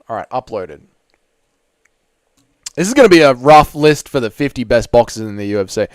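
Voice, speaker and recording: A man's voice: a little high, no room sound. A man hosting a casual live stream, reading viewer comments aloud and bantering back in a loose, joking way.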